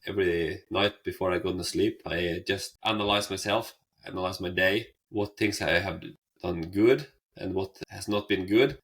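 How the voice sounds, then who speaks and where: A man's voice: low voice, fairly bright tone. A man co-hosting a podcast, speaking earnestly about self-improvement with non-native phrasing. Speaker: podcast co-host. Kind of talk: casual chat.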